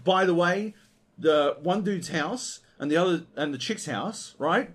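A man's voice: sits high, a little slow, fairly bright tone. A man co-hosting a video game podcast, ranting in a casual, profane and exasperated way. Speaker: podcast co-host.

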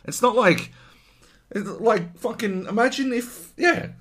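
A man's voice: sits high, animated, measured pace, a bit bright, husky. A man co-hosting a gaming podcast in casual chat, ranting animatedly with lots of swearing. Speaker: podcast co-host.

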